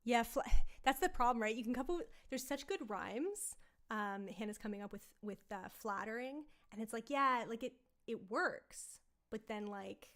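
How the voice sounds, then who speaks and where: On her songwriting livestream, a woman talks through a song as she builds it, scatting melody fragments and musing out loud. Her voice sits on the high side, expressive and fairly bright, at a moderate pace.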